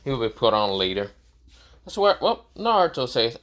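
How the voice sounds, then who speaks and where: A young man narrates a crude comic fan story off the cuff, full of fillers and restarts. His voice is bright. He lets it swing up and down a lot. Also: mid-range voice, big pitch swings, moderate pace. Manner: rambling, crude, many fillers. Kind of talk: improvised comedic story narration.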